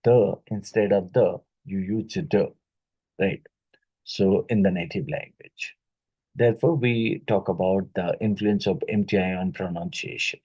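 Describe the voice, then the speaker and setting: Man, husky, deep-ish, exam-prep teacher, filler-heavy. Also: a little mellow, low-quality recording. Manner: halting, with many fillers and "right?" tags; repeats each question aloud.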